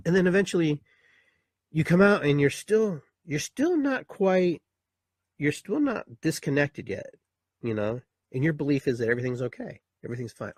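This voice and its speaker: Husky-voiced man hosting a live talk. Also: mid-range voice, normal speed, dry recording, clean studio sound. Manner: rambling, animated, acts out a newborn's voice. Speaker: live show host. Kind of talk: casual spiritual talk to live viewers.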